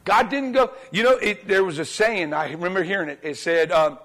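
A man preaching a sermon to a congregation in church, telling the story in a lively, colloquial way and acting out the dialogue. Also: high voice, fairly quick. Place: church, speaking before a congregation.

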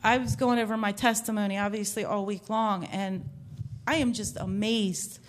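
A woman's voice: mid-range voice, steady tone, normal speed, slight background noise. A woman giving a heartfelt personal faith testimony to a church congregation, telling her story earnestly from the stage.

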